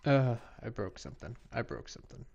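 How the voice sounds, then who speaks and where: A man's voice: medium pitch, sing-song, brisk, creaky, darkish tone, highs cut off. A man streaming a video game, giving casual commentary and muttering to himself, sometimes dropping to a whisper.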